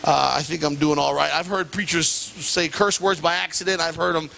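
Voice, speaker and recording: A middle-aged male pastor preaching a sermon and telling animated, self-deprecating stories with sudden jumps in pitch. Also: normal speed, creaky. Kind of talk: sermon with personal anecdote. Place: church sanctuary.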